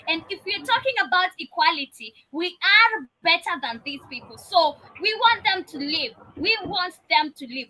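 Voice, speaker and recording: A woman host speaks with emphatic passion. Her voice is high and bright. She stops often on "uh" before pressing on. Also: low-quality recording. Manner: impassioned, emphatic, says "uh" often. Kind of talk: talk show commentary.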